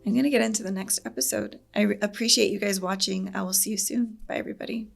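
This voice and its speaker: A woman's voice: mid-range voice, steady tone, fast, vocal fry. A woman hosting a casual reaction video, talking in an earnest, reflective way and laughing often. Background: show soundtrack music.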